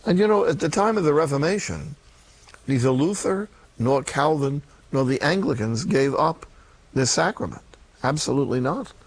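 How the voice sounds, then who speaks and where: An older man, a Catholic priest, talking in a blunt, folksy, emphatic way with sudden loud peaks. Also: fairly high pitch, expressive, moderate pace, breathy edge, no room sound. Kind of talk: sermon-style talk.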